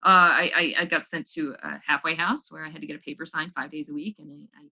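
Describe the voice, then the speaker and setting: A woman's voice: deep voice, fast, gravelly, sharp tone. Candid woman telling her recovery story. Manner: candid and raw, repeats words when emotional. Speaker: AA speaker sharing her story. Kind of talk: personal recovery testimony. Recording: dull lo-fi recording.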